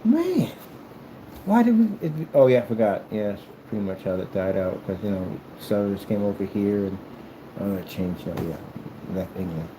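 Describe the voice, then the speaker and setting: A man from the United States ranting to camera in a casual monologue, theatrical and animated, slipping into mock old-fashioned formal speech. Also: fairly low pitch, normal speed, noisy background. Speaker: video creator.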